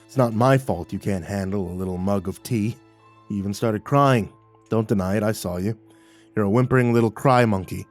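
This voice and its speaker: A man voicing an ancient male skinwalker who speaks in a low, mocking, calmly amused way. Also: normal speed, soft background music, lightly acted. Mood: sly. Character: ancient sly male skinwalker, teasing and unhurried.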